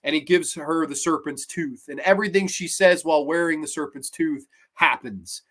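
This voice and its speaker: A man's voice: a little high, normal speed, a bit bright. A man hosting a casual review show, rambling and profane with lots of filler words. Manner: mimics characters in exaggerated voices. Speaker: host reviewing horror episodes.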